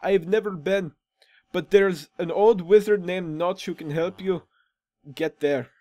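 A man's voice: fairly high pitch, expressive, mellow. A man voicing a frail, weary old male prisoner in a put-on accent, reading game dialogue. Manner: a put-on odd accent, halting delivery. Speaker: gaming commentator voicing a game character.

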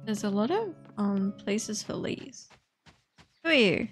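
Slow-talking woman gaming, squealing at cute pets. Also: mid-range voice, lively intonation, soft background music. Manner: chatty, with bursts of squealing delight at cute animals; hesitant, with frequent fillers while exploring. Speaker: let's play gamer. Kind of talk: casual gameplay commentary.

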